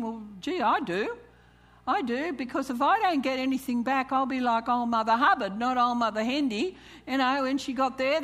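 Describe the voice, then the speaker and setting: Slow-speaking woman preaching. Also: high voice, animated, fairly bright tone. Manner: calls questions to the congregation, reads scripture, chuckles. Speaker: church speaker. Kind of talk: sermon on tithing.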